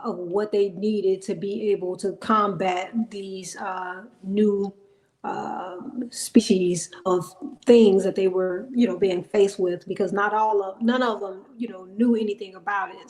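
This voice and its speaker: A woman guest on a movie review talks casually at a middle pitch. She feels her way through her thoughts with many fillers. Her voice carries a noticeable room echo. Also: steady tone, unhurried, a little mellow. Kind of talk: casual chat.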